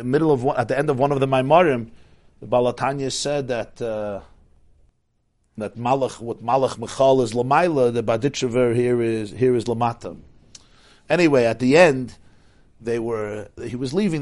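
A man's voice: mid-range voice, normal speed, a little mellow. A man giving an informal Torah talk, telling a Chasidic story with many restarts and Yiddish words. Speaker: Chasidic teacher.

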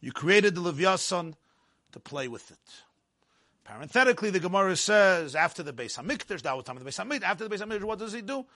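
A man tells a personal story in the first person, measured and dramatic. His voice sits high for a man and sounds bright and forward. He often eases into softer, quieter passages. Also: lively intonation.

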